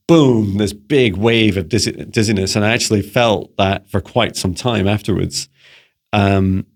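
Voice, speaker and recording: A man from Scotland, a psychic mentor, answering viewer questions in a rambling casual monologue full of restarts. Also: on the low side. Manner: rambling, many restarts and fillers; playful beeping noises.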